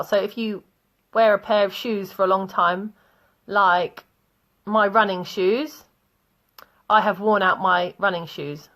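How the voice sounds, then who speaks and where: A chatty woman explains words, slipping in little stories as she goes. She laughs easily, and her voice sits at an ordinary middle pitch. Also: fairly bright tone. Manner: chatty, laughs often, tells anecdotes. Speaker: English teacher. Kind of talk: online English vocabulary lesson.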